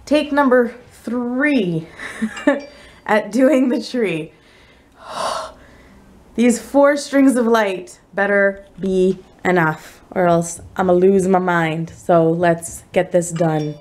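A young woman chatting casually in a home vlog, exasperated, swinging between flat mutters and shrill outbursts. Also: takes it slowly. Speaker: vlogger. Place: home, indoors.

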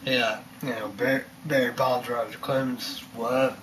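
A man's voice: mid-range voice, little pitch movement, moderate pace, a bit bright, slight background noise. A man talking in a casual, rambling monologue, repeating himself and leaning on fillers. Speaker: vlogger ranting on camera.

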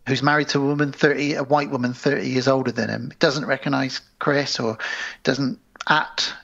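A man's voice: medium pitch, steady tone, moderate pace, creaky, a bit bright, highs cut off. A man co-hosting a casual podcast, retelling film scenes and acting out the characters' lines. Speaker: podcast co-host.

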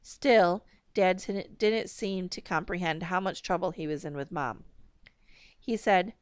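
A woman reads a novel aloud, her voice smooth and resonant. She narrates steadily and measuredly. The recording is dry and close. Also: lowish voice, measured pace, no room sound. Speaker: audiobook reader.

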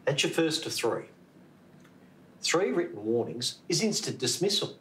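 Chummy Australian store boss, lively pitch. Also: male voice, unhurried, slight background noise. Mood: placating. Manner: placating, chummy. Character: smooth-talking male store manager.

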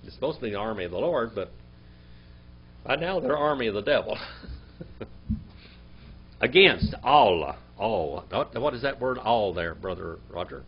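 Man, Bible language teacher, very slow and deliberate, quizzing the class; dull lo-fi recording with a faint hum. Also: fairly low pitch, animated. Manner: quizzes the class, reads Hebrew words slowly.

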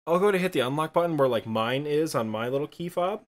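A man's voice: fairly high pitch, lively intonation, quick pace. A man with a thick Michigan accent, co-hosting a podcast in casual, rambling chat full of fillers and self-deprecating asides. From Midwestern United States. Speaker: podcast co-host.

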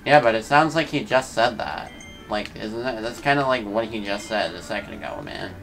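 A man's voice: on the low side, moderate pace, creaky, a bit bright, soft background music. A man streaming a video game, chatting casually and joking with his chat as he plays. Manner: laid-back, joking asides to chat. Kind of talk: casual let's-play commentary.

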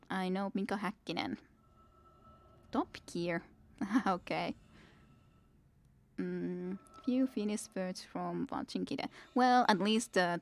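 A woman in her twenties streaming a game, chatting casually and answering her chat between moments of play. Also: lowish voice. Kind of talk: casual live-stream chat while gaming.

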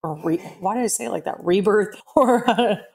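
A woman co-hosting a podcast, chatting casually about a TV show in an animated, often exasperated way and laughing often. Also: fairly high pitch, a little fast, creaky. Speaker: podcast co-host.

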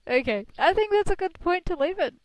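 A woman's voice: very high voice, very animated, a little fast. A woman, co-hosting a casual internet radio chat and telling stories with frequent laughter. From Australia. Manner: chatty storyteller, laughs often. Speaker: co-host.

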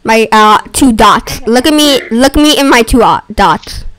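A young woman chatting excitedly while playing a video game with friends, giggling and breaking into loud outbursts. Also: fairly high pitch, unhurried. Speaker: gamer. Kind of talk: casual gameplay chat.

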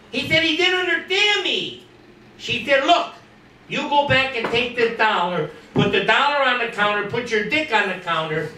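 A man's voice: very high voice, pushed and bright, recorded from a distance, a little hiss or hum. Man telling a joke from afar, echoey. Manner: acts out the couple's dialogue.

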